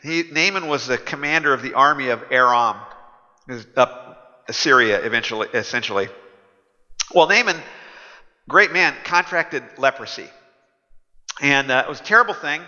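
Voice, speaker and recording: Pastor, man, very bright voice, casual humorous sermon, echoey hall. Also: mid-range voice, animated, normal speed, pauses often, lo-fi sound. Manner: conversational, humorous, chuckling.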